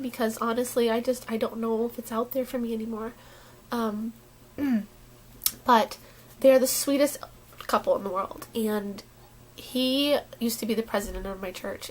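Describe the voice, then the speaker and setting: Slightly high woman vlogger, rambly, lots of restarts and ums, kinda uneasy. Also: a bit bright. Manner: rambling, halting, with many restarts and fillers; unsettled and worried. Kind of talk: casual talk to camera.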